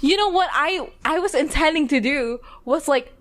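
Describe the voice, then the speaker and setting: A woman co-hosting a podcast, recapping a TV episode in casual, laughing chat. Her voice sits a bit high, and she slips into little acted voices when retelling scenes. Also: normal speed. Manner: giggly, animated, acts out lines in quoted voices. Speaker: podcast co-host.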